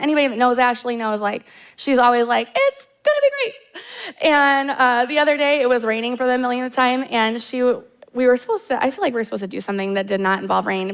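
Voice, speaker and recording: A woman's voice: on the high side, clear, resonant tone. A woman in her thirties with a Midwestern American accent, telling a personal story in a sermon from a church stage, with casual fillers. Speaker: guest preacher.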